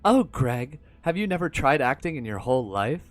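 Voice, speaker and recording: A flippant, influencer-style young woman coos her put-downs, mocking and sweetly condescending, as a man puts her on while reading a game aloud. The voice sits slightly above his usual and is a little brighter and louder than his narration. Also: mid-range voice, very animated, normal speed, lightly acted. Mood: teasing. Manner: cooing, teasing, mocking.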